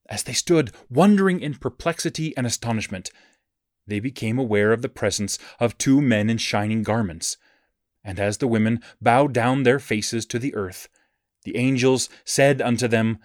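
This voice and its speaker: A man narrating a scripture story in a solemn, measured, reverent manner. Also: mid-range voice, a little mellow, dry recording, clean studio sound.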